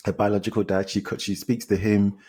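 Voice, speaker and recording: This is a man with a London accent, talking casually on a film podcast. His voice sits low and has a husky edge. He tells the story in a lively way, repeats himself and quotes people as he goes. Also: fairly quick. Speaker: podcast co-host reviewing films. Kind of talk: casual chat.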